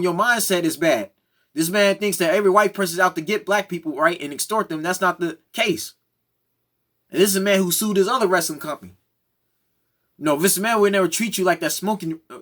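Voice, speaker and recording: A man's voice: high voice, sharp tone. A man giving a heated, opinionated commentary, often tagging his points with "right?". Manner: heated, repeats "right?" and "come on now, man". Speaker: commentary vlogger. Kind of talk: opinionated monologue.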